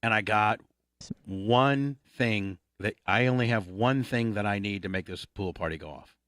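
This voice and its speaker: A man's voice: fairly low pitch, normal speed, a bit bright, no echo, studio quality. A middle-aged man hosting a radio talk show, blunt and profane in crude banter.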